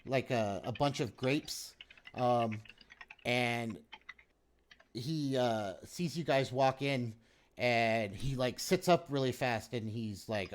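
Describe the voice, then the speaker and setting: A man's voice: medium pitch, takes it slowly. A young man narrating as game master, casual and hesitant with many fillers.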